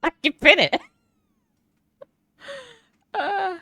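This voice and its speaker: A woman's voice: extremely high pitch, expressive, very slow, sharp tone, no echo. A woman streaming a roleplay game as an HR rep, giggling helplessly and teary from laughing. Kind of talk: live-streamed roleplay chat.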